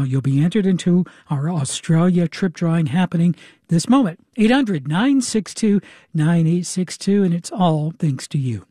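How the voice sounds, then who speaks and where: High-voiced man hosting a radio pledge drive. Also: warm tone, no echo, studio quality. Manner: brisk, repeats phone number. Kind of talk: on-air fundraising pitch. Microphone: studio microphone.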